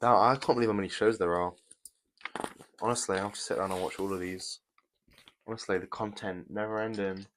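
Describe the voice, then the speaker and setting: A man's voice: lowish voice, fairly even intonation, fairly quick, pauses often, a bit bright. A young British man casually chatting to viewers on a live stream while he builds a Lego set, in a rambling, chatty way. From Britain. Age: young adult.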